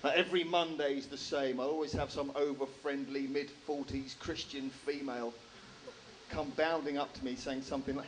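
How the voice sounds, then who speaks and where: A man in his thirties from England with an English accent, doing a stand-up set in a dry, self-deprecating way at a slow, deliberate pace. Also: mid-range voice, steady tone, a little hiss or hum, poor audio. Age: 30s. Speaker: stand-up comedian. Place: comedy club stage with a live audience.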